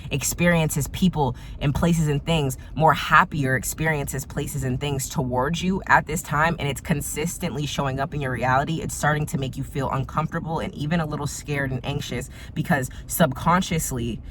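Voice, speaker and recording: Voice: medium pitch, steady tone, moderate pace, few pauses, background noise. Emphatic tarot reader addressing the viewer. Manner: emphatic, repetitive, talks straight to the viewer. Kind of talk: casual spiritual tarot reading.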